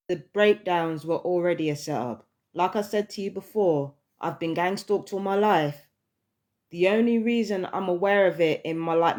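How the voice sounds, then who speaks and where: A woman's voice: medium pitch, darkish tone. A woman, ranting heatedly and with lots of swearing in a casual vlog monologue. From London, England. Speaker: vlogger.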